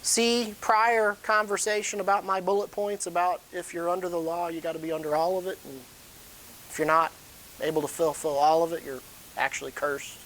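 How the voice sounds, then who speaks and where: A man preaching a sermon in a church, talking loosely and warmly to the congregation, with sudden loud rises in his voice. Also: sits high, little pitch movement, moderate pace, slight background noise, poor audio. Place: church sanctuary.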